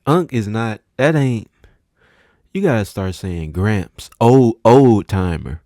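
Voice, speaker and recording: A man's voice: on the low side, expressive, slow, mellow, no echo, clean studio sound. A young man co-hosting a reaction video, joking in laid-back slang and laughing often. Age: young adult. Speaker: co-host. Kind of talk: casual reaction chat.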